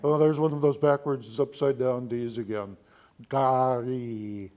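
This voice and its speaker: A man teaching a lesson, explaining patiently step by step and slowly sounding out words and vowels. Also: mid-range voice, mellow. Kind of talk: spoken lesson.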